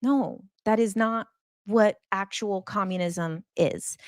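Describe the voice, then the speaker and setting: A woman's voice: mid-range voice, slow pace, dry recording, studio quality. A woman host, talking in a casual, emphatic monologue full of fillers. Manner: chatty, emphatic, many fillers. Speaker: podcast host.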